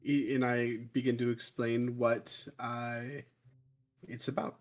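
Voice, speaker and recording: A man's voice: mid-range voice, level tone, slow pace. A man playing a tabletop game character, rambling and stumbling through explanations with many fillers. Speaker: player.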